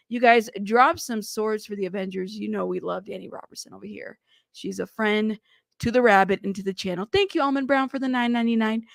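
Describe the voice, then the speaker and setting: A woman with a slightly high voice and a gravelly fry runs a casual livestream, teasing her viewers as she reads their comments aloud. She rambles and cusses freely, laughing often. The sound is close and dry. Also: fairly bright tone, no room sound. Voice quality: frequent cussing, laughs often. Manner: chatty, teasing, rambling with many fillers. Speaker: livestream news host.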